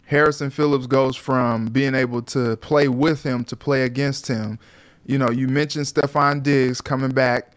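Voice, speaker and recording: A man co-hosting a sports talk show in a relaxed, rambling way with lots of fillers. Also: medium pitch, moderate pace. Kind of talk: casual sports chat.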